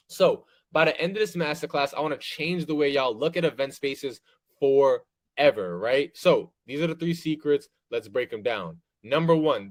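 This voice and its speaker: A young man hosting a live online masterclass, hyping up the chat with energetic call-outs and slang. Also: on the high side, dry recording. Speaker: host of an online business masterclass. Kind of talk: hyped live webinar pitch.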